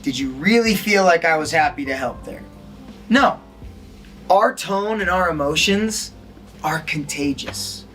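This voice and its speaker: A man's voice: fairly high pitch, animated, measured pace, sharp tone, soft background music. A man teaching a lesson as an acting instructor, quizzing his listeners and acting out tones of voice. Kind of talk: recorded lesson to an audience.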